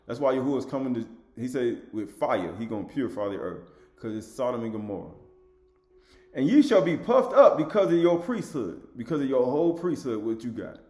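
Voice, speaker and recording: A man giving an informal sermon, reading scripture in a raised voice and then commenting in a lower, emphatic, repetitive way. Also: dark tone, reverberant. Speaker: religious lecturer.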